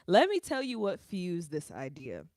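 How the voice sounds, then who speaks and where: A woman's voice: on the low side, huge pitch swings, measured pace, darkish tone, dry recording. A woman hosting a casual livestream from her bedroom on a small close mic, chatty and slangy, laughing often. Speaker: livestream host.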